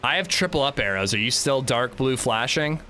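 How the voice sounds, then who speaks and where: Lively-voiced male gaming streamer. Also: medium pitch, moderate pace, a little hiss or hum. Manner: chatty, swears casually, laughs easily. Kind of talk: casual gaming chat.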